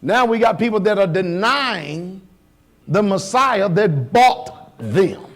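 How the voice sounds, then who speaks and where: A man with a high voice preaches a sermon in a casual, street-level way. He throws rhetorical questions at the congregation, drops into quiet asides and then builds up to loud shouts. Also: big pitch swings, takes it slowly. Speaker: pastor.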